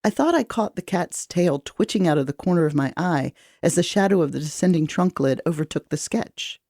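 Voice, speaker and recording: A woman reading first-person audiobook narration in a measured, even way. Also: lowish voice, no echo, studio quality.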